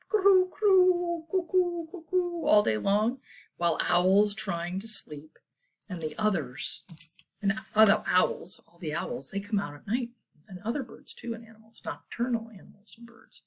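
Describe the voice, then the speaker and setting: A woman children's librarian reading bedtime stories aloud, inviting young listeners to join in with animal sounds in a gentle, calming way. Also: fairly low pitch, slightly rough. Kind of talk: children's story time read-aloud.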